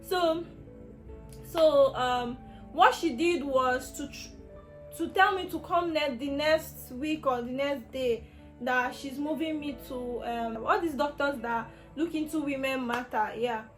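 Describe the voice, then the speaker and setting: A woman's voice: sits high, slow pace, faint music behind. A young Nigerian woman vlogger telling a personal health story in an emotional, rambling way, full of restarts. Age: young adult.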